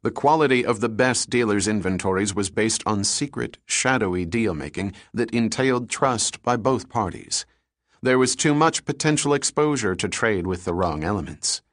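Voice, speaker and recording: A man giving measured, scripted narration of a novel. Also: lowish voice, animated, no echo, clean studio sound. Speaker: audiobook narrator.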